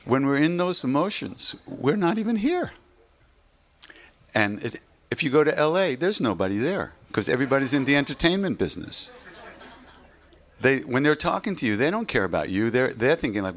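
A man's voice: mid-range voice, big pitch swings, brisk, fairly bright tone. Man giving a rambling spiritual talk. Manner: conversational and rambling, with self-interruptions and frequent "you know". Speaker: meditation teacher.

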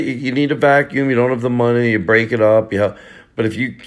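A man's voice: medium pitch, flat delivery, fast. A middle-aged man hosting a podcast, joking in a rambling, casual way. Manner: jokey, rambling, repeats bits for laughs. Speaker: podcast host. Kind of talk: casual comedic chat.

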